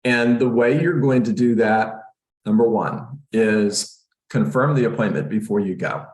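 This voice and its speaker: Lower-voiced middle-aged male coach, upbeat and joking, recorded in a roomy space. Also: measured pace. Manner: energetic, joking, acts out scripts. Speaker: real estate coach. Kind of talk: live training session, coaching agents.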